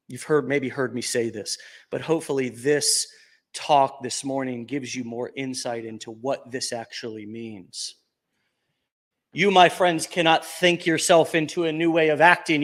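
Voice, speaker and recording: A man giving an energetic, joking motivational talk to a live audience at an event, jumping between loud bursts and hushed asides. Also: medium pitch. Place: event venue.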